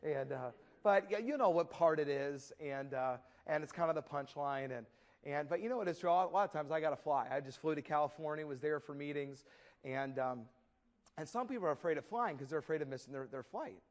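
A man preaching a sermon, dramatic and storytelling, swinging between loud declaiming and soft asides with folksy humor. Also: on the high side, fairly quick.

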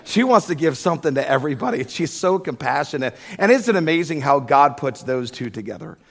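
A middle-aged man preaching a sermon, telling a humorous story in an animated way before building to loud preaching. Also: fairly high pitch, fairly quick, creaky. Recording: echoey hall with long reverb.

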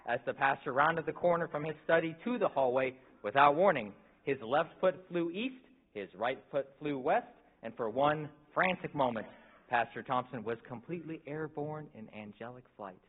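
Husky narrator, tinny sound. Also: male voice, on the high side, moderate pace. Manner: vivid storyteller, playful timing. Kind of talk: scripted dramatic narration. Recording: tinny lo-fi recording.

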